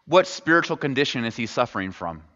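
Male pastor giving a sermon, bright tense voice, long church reverb, kinda dull audio. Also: medium pitch, very animated, fast talker. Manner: conversational, asks the congregation questions. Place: church sanctuary. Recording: dull sound in a large reverberant hall.

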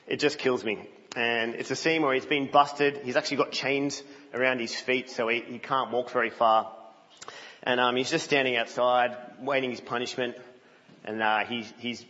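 Male preacher, storytelling sermon, bright tone, muffled sound. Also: mid-range voice, normal speed. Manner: animated storytelling, drops to a hush. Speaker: guest preacher. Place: church, indoors. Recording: reverberant, muffled church hall.

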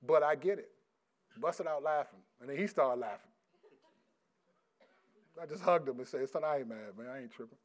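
A middle-aged male pastor preaching a sermon, reading scripture loudly and slowly, then dropping into quiet, casual stories about his sons. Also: medium pitch. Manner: swings from loud emphatic scripture reading to quiet storytelling.

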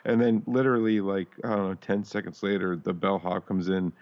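A man's voice: low voice, level tone, brisk. A man co-hosting a casual podcast, recapping a scene in a laid-back, chuckling way. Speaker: podcast co-host. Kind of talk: casual chat. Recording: slightly dull audio.

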